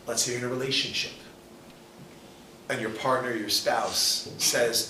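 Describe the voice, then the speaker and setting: A man teaching a class as a rabbi, animated and questioning, acting out quoted people. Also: medium pitch, unhurried. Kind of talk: lively lecture with questions to the audience. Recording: echoey room, mic at a distance, faint noise.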